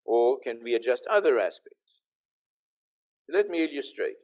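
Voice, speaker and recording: A man's voice: medium pitch, very animated, measured pace, a little mellow. An older male professor delivers an online conference lecture. He explains each point patiently and stops now and then to check that his listeners can hear him. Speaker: professor giving a conference talk.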